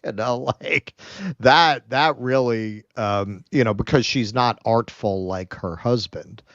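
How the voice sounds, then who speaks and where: A man co-hosting a political stream, talking in a sardonic, casual way with quick asides. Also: mid-range voice, fairly bright tone, no echo. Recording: dull lo-fi sound.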